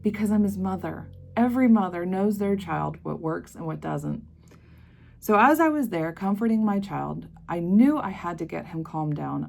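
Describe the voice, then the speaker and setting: A woman's voice: lowish voice, vocal fry, darkish tone. American woman telling a personal story. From United States. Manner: earnest, conversational, with emphatic rises. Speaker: vlogger.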